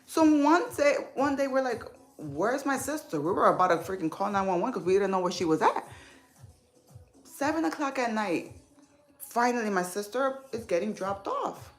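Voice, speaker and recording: A woman's voice: mid-range voice, animated, moderate pace, soft background music. A woman hosting a casual livestream, telling heartfelt family stories and reading viewer comments aloud. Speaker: livestream host.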